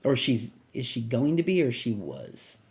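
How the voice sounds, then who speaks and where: A man reviews a film alone in an easygoing, rambling way. He thinks aloud, trails into asides and fills pauses with ums. His voice sits at an ordinary middle pitch. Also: huge pitch swings, darkish tone. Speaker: movie reviewer. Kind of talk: casual solo review.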